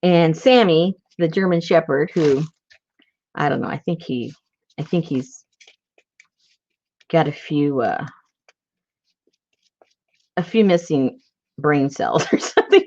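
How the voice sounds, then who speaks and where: A woman vlogger chatting casually and telling a story, often laughing as she talks. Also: fairly low pitch. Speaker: craft vlogger. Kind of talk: casual chat while crafting. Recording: dull lo-fi sound.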